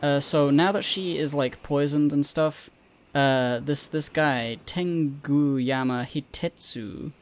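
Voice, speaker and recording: A man co-hosting a fan podcast in casual chat, relaxed and halting as he thinks aloud. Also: a little high. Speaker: podcast co-host.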